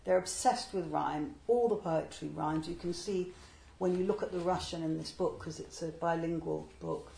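A woman, a literary translator, explaining a poet's life in a digressive way and reading verse slowly and deliberately. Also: on the low side, vocal fry, warm tone, roomy sound, low-quality recording. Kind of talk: talk on poetry with a verse reading.

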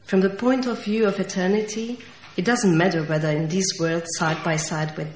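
A woman with a Central Eastern European accent reading her poetry aloud, slow and measured, with dramatic stresses. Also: lowish voice, fairly even intonation. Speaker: poet. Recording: echoey room with faint noise.

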